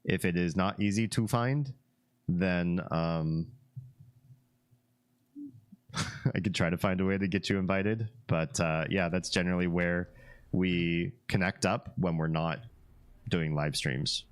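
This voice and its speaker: A man's voice: sits low, measured pace, long pauses, clear, resonant tone. A man hosting a live stream, chatting casually with viewers, reading their comments and laughing often. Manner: relaxed, chatty, laughs often, reads chat aloud.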